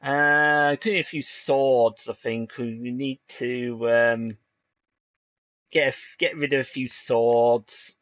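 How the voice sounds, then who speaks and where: A man's voice: mid-range voice, fairly even intonation, takes it slowly, a bit bright, no room sound. A man streaming a video game, chatting in rambling, joking asides. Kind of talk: casual game commentary. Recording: voice over game music.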